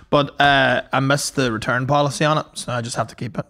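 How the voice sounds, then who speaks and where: A man's voice: medium pitch, fairly even intonation, fast talker, bright, forceful tone, slight background noise. A man, co-hosting a podcast and telling sweary, joking anecdotes. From Northern Ireland. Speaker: podcast co-host. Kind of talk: casual chat.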